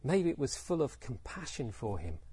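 A man's voice: medium pitch, sing-song, moderate pace, mellow, husky. A man, a Buddhist teacher, telling stories in a reflective talk, often posing questions to his listeners. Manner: reflective, poses rhetorical questions, acts out quotes. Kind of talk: Dharma talk with storytelling.

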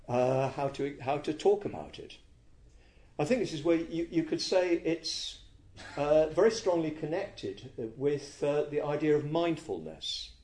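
A man giving a reflective dharma talk as a Buddhist teacher, halting and searching for words, often correcting himself. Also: fairly high pitch, darkish tone.

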